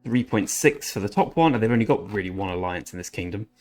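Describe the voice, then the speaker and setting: A man's voice: lowish voice, lively intonation, fast, darkish tone, faint music behind. A man rambling through casual commentary over his strategy game, often correcting himself mid-sentence. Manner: chatty, rambling, self-correcting. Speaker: gaming channel host.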